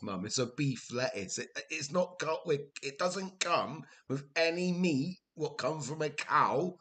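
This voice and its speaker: Slow-talking Welsh man chatting on stream. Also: a little high, fairly bright tone, slightly rough. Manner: chatty, laughs often, tells rambling family anecdotes. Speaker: livestream host. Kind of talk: casual livestream chat.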